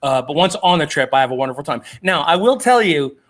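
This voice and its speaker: A man in casual conversation, telling anecdotes with plenty of fillers and little acted-out quotes. His voice sits a bit higher than most men's. He pokes fun at himself as he goes. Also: lively intonation, fast, fairly bright tone. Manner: self-deprecating, acts out quoted voices, many fillers. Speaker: guest comic artist. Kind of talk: casual storytelling chat.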